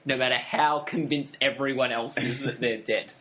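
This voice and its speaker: A man's voice: mid-range voice, normal speed, hardly any pauses, sharp tone. A man co-hosting a casual podcast, rambling and chatty and laughing often. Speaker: podcast co-host. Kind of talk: casual recap chat. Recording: dull lo-fi audio.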